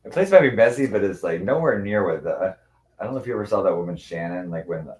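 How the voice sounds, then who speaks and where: A man's voice: sits low, animated, fast talker, darkish tone. A man chatting casually on a livestream, rambling with many restarts and cooing to his cats.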